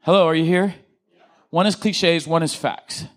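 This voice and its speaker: Lively joking preacher man. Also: on the high side, moderate pace. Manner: lively, joking, asks the congregation to respond. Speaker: pastor. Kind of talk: sermon. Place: church.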